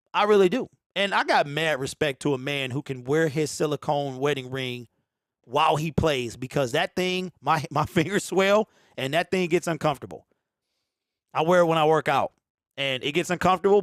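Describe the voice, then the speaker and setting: A man in his forties hosts a casual fan show. His voice sits high for a man and swings widely in pitch as he riffs on viewer comments and laughs. The sound is close and dry, with almost no room around it. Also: dry recording. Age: 40s. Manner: animated, laughs often, talks straight to the audience. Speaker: sports fan show host. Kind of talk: casual live-stream chat reading viewer comments.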